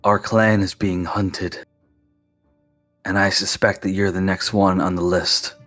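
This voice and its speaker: A man voicing a secretive father who speaks low and hushed, giving dark warnings in a tabletop game. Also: flat delivery, moderate pace, faint music behind, close to an everyday voice. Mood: ominous.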